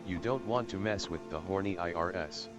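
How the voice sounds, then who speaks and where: A man with a very low voice chats playfully on a stream, reading out chat messages and joking around. Music plays clearly behind him. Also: moderate pace. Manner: playful, jokey, sing-song repeating.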